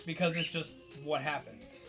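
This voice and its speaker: A man streaming to his viewers in casual chat, excitable and tired, swearing and laughing often as he rambles. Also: on the high side, normal speed, faint music behind.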